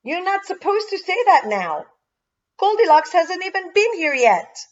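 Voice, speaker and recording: A woman's voice: expressive, a little slow, far from the mic. A woman voicing a bossy little preschool girl. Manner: bright, high, commanding child voice. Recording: dull lo-fi sound.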